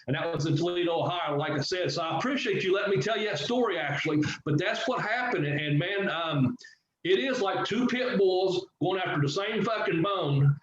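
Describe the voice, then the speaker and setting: A middle-aged former wrestler telling a story in a casual interview, animated and swearing freely as he acts out what others said. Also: high voice, brisk, a crowd in the background. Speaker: guest, former pro wrestler. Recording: echoey, dull, slightly noisy audio.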